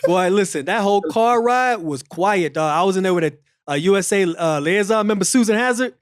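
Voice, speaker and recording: A man's voice: sits high, animated, fairly quick, smooth, no room sound, clean studio sound. A middle-aged man hosting a casual sports chat, telling stories animatedly and repeating phrases. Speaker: show host.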